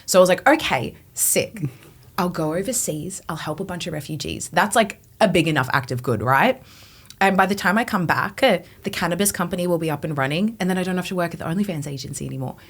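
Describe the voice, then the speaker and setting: A woman in her twenties, a podcast guest, telling her personal testimony in an animated way, acting out her past thoughts. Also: fairly low pitch, fast, slightly rough. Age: 20s.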